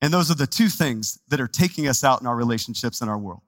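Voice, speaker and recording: A man from Texas, a pastor preaching a sermon in a conversational, animated way, with asides to the congregation. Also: medium pitch, fast talker, dry recording. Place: church sanctuary.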